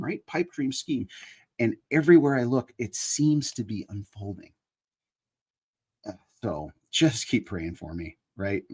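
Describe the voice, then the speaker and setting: A man's voice: lowish voice, animated, moderate pace, a little mellow, husky. A man in his fifties hosting a casual live chat, talking earnestly and building into emphatic preaching. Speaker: online show host.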